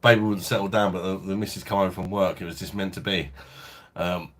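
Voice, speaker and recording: A man's voice: low voice, steady tone, a little fast. A man hosting a casual beer review livestream, chatting laid-back and reading out viewer comments. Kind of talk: casual live-stream chat.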